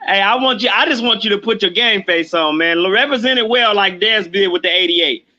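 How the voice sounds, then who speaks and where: A man's voice: high-pitched, brisk, sharp tone, muffled recording. A man co-hosting a casual sports chat, talking in an insistent, slangy way.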